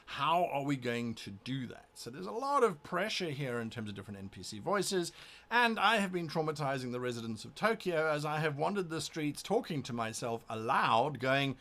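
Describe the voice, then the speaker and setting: A man with a somewhat high voice talks informally before a tabletop session. He explains his preparation as a game master and thinks aloud as he goes. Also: big pitch swings, moderate pace, fairly bright tone. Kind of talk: casual pre-session talk to camera.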